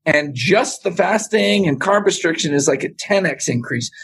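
Husky, animated male podcast guest. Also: a little high, normal speed. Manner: animated storyteller, acts out quotes. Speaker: podcast guest, supplement scientist. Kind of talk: casual interview chat.

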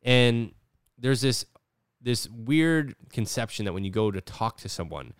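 A man's voice: medium pitch, lively intonation, measured pace, smooth, no echo, clean studio sound. A man hosting a podcast, talking casually and rambling with lots of "like", often acting out quoted voices. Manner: rambling, filler-heavy with frequent "like". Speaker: podcast host. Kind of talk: casual chat. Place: his studio.

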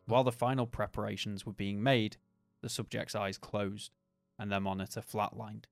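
A man hosting a podcast, reading a horror story in a measured, dramatic way and then chatting casually and laughing easily. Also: lowish voice, dry recording. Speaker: podcast host and story reader.

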